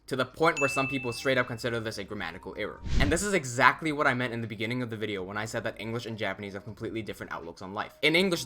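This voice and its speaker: A man narrating a scripted language lesson, speaking in a measured, deliberate way and stressing key words, with faint music behind. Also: mid-range voice, bright, forceful tone. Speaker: language teacher.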